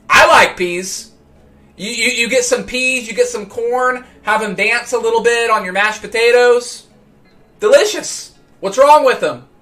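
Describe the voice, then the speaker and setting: A man's voice: high-pitched, pushed and bright. A man hosting a casual livestream, rambling and stammering over repeated words as he chats to viewers. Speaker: livestream host.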